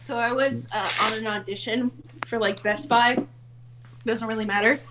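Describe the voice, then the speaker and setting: A woman's voice: a little high, steady tone, moderate pace, background noise. A woman from Australia telling a rambling story in a casual group chat, laughing often.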